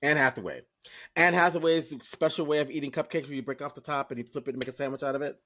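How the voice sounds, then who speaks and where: A man co-hosting a podcast, chatting casually and telling a lively story, talking straight to listeners and swearing freely. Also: on the high side, quick pace, slight background noise. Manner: animated storyteller who acts out quoted voices. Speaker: podcast co-host. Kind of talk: casual chat.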